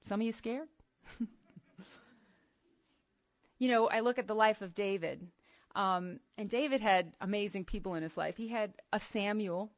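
A middle-aged woman preaching to a women's gathering, emphatic and animated, moving from soft asides to loud outbursts. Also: medium pitch, no echo, clean studio sound. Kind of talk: sermon.

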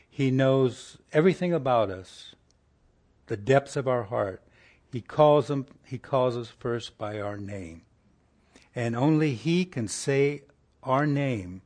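In a folksy, conversational sermon, a man puts rhetorical questions to his listeners and drops into a soft hush for tender passages. His pitch is medium.

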